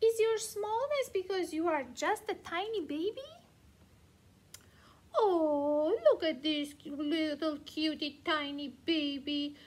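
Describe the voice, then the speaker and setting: Woman voicing a storybook horse, prim, vain, fussy, high, slow. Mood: haughty.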